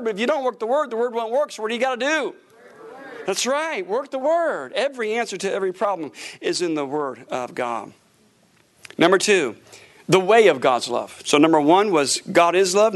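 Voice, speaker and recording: A man's voice: very high voice, normal speed, fairly bright tone. A middle-aged man pastor preaching a sermon, telling stories with animation and often repeating "Praise God, amen.".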